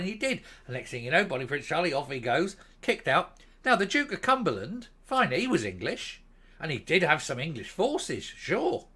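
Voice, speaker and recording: A Northern Irish man ranting through his own commentary, blunt and scornful, with a sarcastic edge and the odd swear word. His voice sits a little high and swings up and down a lot. The tone is bright and sharp. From Northern Ireland. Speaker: host of a political commentary channel.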